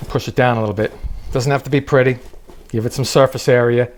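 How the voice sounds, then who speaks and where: This man hosts a funny cooking demo in a kitchen, peppering it with wisecracks and teasing asides to viewers. He talks fast in a mid-range voice with fairly even intonation, and a slight background noise can be heard.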